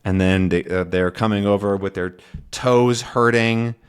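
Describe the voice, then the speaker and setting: A man teaching English to learners, explaining a comic slowly and patiently, repeating and rephrasing, often checking "right?". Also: lowish voice, steady tone, clear, resonant tone. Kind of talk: slow explanation for language learners.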